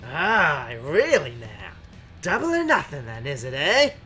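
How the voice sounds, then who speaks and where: A woman's voice: low voice, wildly swooping pitch, extremely slow, bright, forceful tone, faint music behind, pitched below the performer's own voice, exaggerated voice. A woman voicing a brash, swaggering male gambler whose hammy accent drifts between British and Australian. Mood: gloating.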